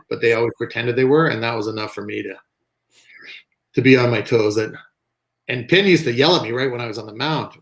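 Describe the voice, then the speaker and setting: Guy spinning softball stories, lively, does the voices, medium-pitched. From Canada. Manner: animated, acts out quoted voices. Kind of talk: casual storytelling interview.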